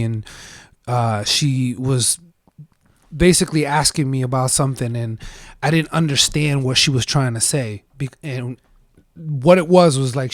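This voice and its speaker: A man co-hosting a podcast, telling stories in a relaxed, rambling way with frequent restarts. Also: medium pitch, no room sound, studio quality. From United States. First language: English. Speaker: podcast co-host. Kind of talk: casual chat.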